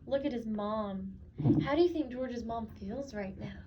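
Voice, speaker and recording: A woman teacher reading picture books aloud to a child in an animated, encouraging way, asking questions as she goes. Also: on the high side, measured pace. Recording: slightly dull, faintly noisy recording.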